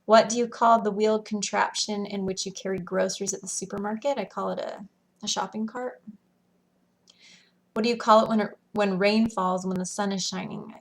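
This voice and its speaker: A woman's voice: medium pitch, fairly even intonation. A woman in her thirties from Washington State with a Western American accent, reading a word list and casually answering accent questions with some hesitant fillers. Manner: plain, unhurried, with hesitant fillers. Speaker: elementary school teacher.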